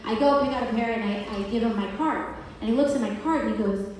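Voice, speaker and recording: A woman's voice: a little high, quick pace. A young woman from the Bronx talking casually to a crowd at a rally, chatty and full of "like" and restarts. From Bronx, New York, USA. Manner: chatty, heavy use of "like", frequent restarts, laughs easily. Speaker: political candidate speaking at a rally. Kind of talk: casual off-the-cuff speech. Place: indoor event space with a crowd. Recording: echoey hall from far off, loud crowd noise.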